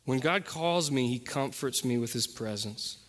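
A man preaching a sermon as pastor, earnest, often dropping to a soft, intense voice on key points. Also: mid-range voice, measured pace, long reverb tail.

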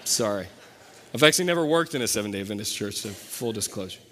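Casual young pastor in a reverberant hall. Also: male voice, lowish voice, expressive, quick pace, background noise. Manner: conversational, self-correcting with fillers. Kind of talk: sermon. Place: church sanctuary.

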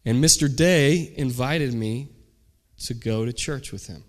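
A man's voice: mid-range voice, a little slow. A man, a pastor, telling a story during a sermon and acting out the people in it. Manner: animated storyteller, acts out shouted quotes.

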